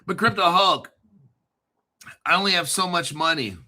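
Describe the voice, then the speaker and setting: A man's voice: sits high, normal speed, pushed and bright. A man voicing a naive, worried male crypto beginner who asks whiny, pleading questions. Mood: anxious.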